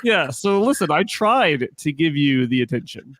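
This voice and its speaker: Joking, mid-pitched man from Ohio. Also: normal speed, noisy background. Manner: joking and animated. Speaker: resort sales manager and podcast co-host. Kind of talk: casual chat as a guest.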